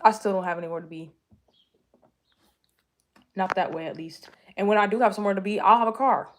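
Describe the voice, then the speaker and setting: A young woman chats with viewers in a loose, rambling way. She keeps correcting herself mid-sentence and jokes as she goes. Her voice sits at an ordinary middle pitch. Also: brisk. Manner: rambling, self-correcting, jokey, with laughs. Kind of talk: casual chat answering viewers.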